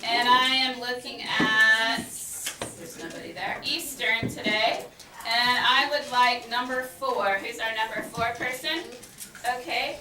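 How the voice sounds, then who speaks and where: A woman teaching a class of children, giving instructions and stretching out her cue words slowly. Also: a little high. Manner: slow, drawn-out cue words. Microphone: worn teacher mic, recorded from a distance. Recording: echoey classroom mic from far off. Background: classroom noise.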